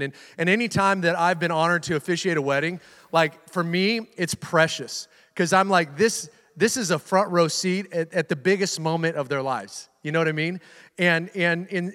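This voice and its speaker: A man with a high, light voice preaching a sermon in a church sanctuary. He talks to the congregation in a loose, chatty way, restarting phrases and tossing questions out to the room. Long reverb trails after each phrase, the way it does in a big hall. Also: a bit bright, smooth. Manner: conversational preaching with frequent restarts and asides to the congregation. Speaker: pastor.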